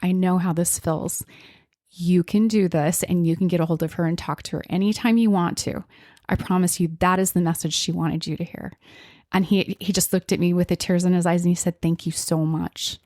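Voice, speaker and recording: A woman's voice: fairly low pitch, brisk, dry recording, studio quality. A middle-aged woman hosting a podcast, telling a story expressively and acting out the quotes. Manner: expressive, acts out quotes, frequent fillers. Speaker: podcast host, medium. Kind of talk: storytelling in casual chat.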